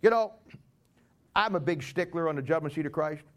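A man's voice: fairly high pitch, fairly quick. A man pastor preaching a sermon to his church, sarcastic and emphatic, telling stories.

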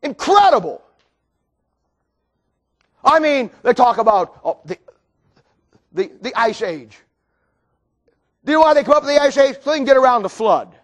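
A man preaching a sermon, mocking and sarcastic, breaking into shouts. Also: very high voice, sing-song, normal speed, pauses often.

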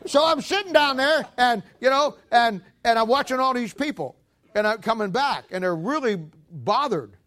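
High-voiced folksy preacher man. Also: normal speed. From Missouri, USA. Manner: animated storytelling, swings from loud to quiet, laughs at own jokes. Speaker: pastor. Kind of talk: folksy sermon with jokes and stories.

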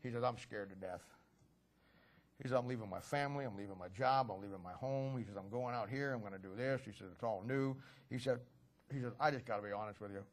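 This middle-aged male pastor has a mid-range voice. During a sermon he shares stories from his own ministry, building up to loud, impassioned preaching.

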